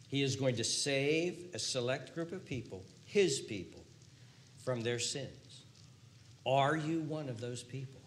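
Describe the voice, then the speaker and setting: An older man preaching a sermon in a church, impassioned and repetitive, swinging between hushed tones and booming emphasis. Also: measured pace, reverberant, slight background noise. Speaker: pastor. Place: church sanctuary.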